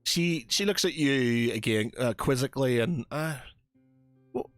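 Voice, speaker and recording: A man narrating a tabletop role-play session as game master, full of ums and restarts. His voice sits at a middle pitch in a dry room, with faint music playing behind. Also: measured pace, no echo. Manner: hesitant, many ums.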